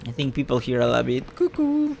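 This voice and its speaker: A man's voice: mid-range voice, wildly swooping pitch, brisk, gravelly, darkish tone, a little hiss or hum. A man streaming a game, reading items aloud and muttering casual, sometimes swearing asides.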